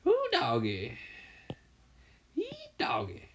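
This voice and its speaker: A man putting on a mock Southern US redneck accent, voicing a loud, boastful, drawling American character. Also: mid-range voice, huge pitch swings, extremely slow, noisy background, heavily acted. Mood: mock patriotic. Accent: put-on Southern US.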